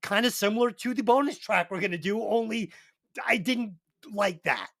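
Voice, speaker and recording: A man's voice: sits high, normal speed, gravelly, a bit bright, no echo, studio quality. A man hosting a music podcast, telling stories in a profane, laughing, casual way. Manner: profane, laughing anecdote teller. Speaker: podcast host, album reviewer.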